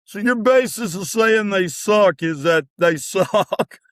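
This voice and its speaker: A man's voice: high-pitched, slow pace, fairly bright tone, no echo, studio quality. A man in casual chat, making wry, teasing remarks.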